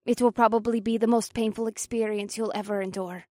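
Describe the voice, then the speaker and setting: Firm, high-voiced female siren played by a man, blunt and unflinching, audiobook figure. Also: little pitch movement, brisk, dark tone, dry recording, studio quality, lightly acted. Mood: resolute. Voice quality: high falsetto. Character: resolute female siren, red-haired.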